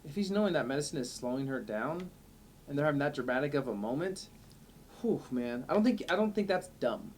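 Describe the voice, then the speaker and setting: A man's voice: on the high side, expressive, a little fast, darkish tone, a little hiss or hum. A man co-hosting a podcast in casual chat, emphatic and playful when he argues. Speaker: podcast co-host.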